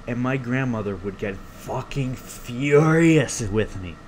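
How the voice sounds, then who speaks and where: A young man hosting his own podcast alone, rambling through stories in a casual, profane, animated way. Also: medium pitch, slow pace, a little hiss or hum. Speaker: podcast host. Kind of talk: casual solo podcast rant. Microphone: close podcast mic.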